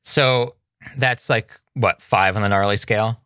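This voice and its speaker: A man co-hosting a casual chat, asking probing questions in a dry, deadpan way. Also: on the low side, measured pace, smooth, dry recording.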